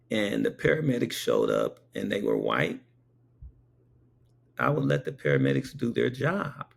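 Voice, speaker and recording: A man's voice: rumbling low, wildly swooping pitch, measured pace, vocal fry, pauses often, breathy edge. A man who works as a paramedic telling a personal anecdote, emphatic and punctuating his points with rhetorical checks on the listener. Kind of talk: spoken anecdote.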